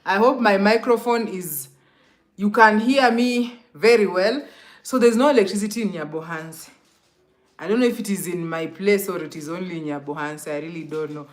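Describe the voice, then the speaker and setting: A woman's voice: mid-range voice, moderate pace. A young Kenyan woman chatting casually on a live stream, greeting commenters by name and laughing often.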